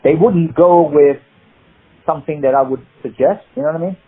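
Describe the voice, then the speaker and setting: A man with a Cockney accent, an actor guest telling rambling, animated stories with many restarts. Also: fairly high pitch, brisk, husky. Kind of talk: casual interview storytelling. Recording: tinny phone-like line.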